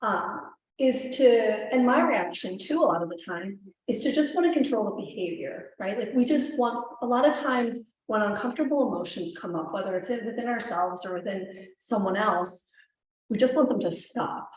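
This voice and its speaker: A woman yoga teacher, around her thirties, a little hoarse, chatting to her class and telling a story in a casual, rambling way. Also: mid-range voice, lively intonation, normal speed, a little hiss or hum. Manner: chatty, storytelling, many "like" asides. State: slightly hoarse. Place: yoga studio. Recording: very echoey room with faint ambience.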